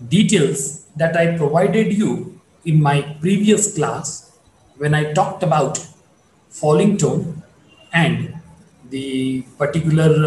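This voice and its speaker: A man giving a recorded online phonetics lecture, explaining slowly and repeating points for students. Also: on the high side, a little mellow, reverberant, a little hiss or hum, low-quality recording.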